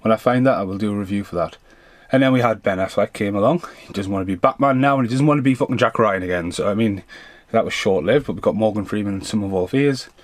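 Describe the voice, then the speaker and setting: A man's voice: on the low side, fast talker, dry recording. A man in his thirties or forties doing an unscripted film review rant, rambling, swearing freely and drifting off on tangents.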